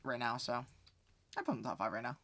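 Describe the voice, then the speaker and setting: A man's voice: mid-range voice, animated, fairly quick, pushed and bright, slightly rough. A man co-hosting a casual sports podcast, reading quiz hints with laid-back, joking banter. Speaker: co-host giving quiz hints.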